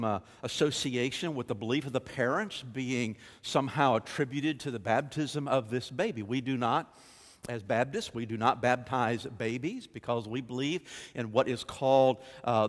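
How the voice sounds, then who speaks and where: A male Baptist pastor preaching a sermon, emphatic and building to forceful peaks. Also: medium pitch. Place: church sanctuary. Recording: church hall reverb.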